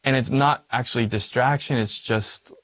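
A man's voice: medium pitch, steady tone, normal speed, a bit bright, dry recording. A man, a priest, teaching about prayer in a conversational way, with many fillers and questions to the listener. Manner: conversational, frequent "like" and "right?" fillers. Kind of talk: spiritual teaching talk.

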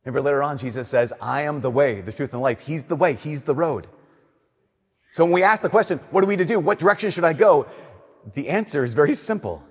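A man preaching a conversational sermon, telling stories and slowing down softly on his key points. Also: fairly high pitch, animated, husky, in a large hall.

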